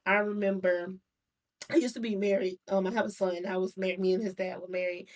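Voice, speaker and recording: A woman's voice: mid-range voice, little pitch movement, a little fast, darkish tone. A young adult woman, a guest, candidly telling a personal story in casual chat, with frequent laughs and restarts.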